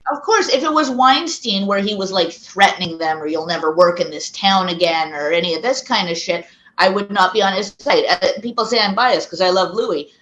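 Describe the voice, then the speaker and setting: A woman's voice: mid-range voice, a bit bright. A woman co-hosting a podcast in casual chat, outspoken and argumentative. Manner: outspoken, argumentative, talks in quick runs. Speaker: podcast co-host. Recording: echoey, dull-sounding room.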